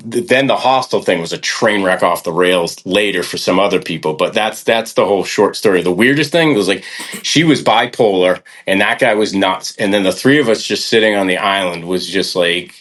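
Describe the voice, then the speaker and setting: A man's voice: low-pitched, moderate pace. A man casually telling a long hiking story on a podcast, acting out the people he quotes. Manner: animated, acts out quoted people. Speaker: hiker guest on a podcast.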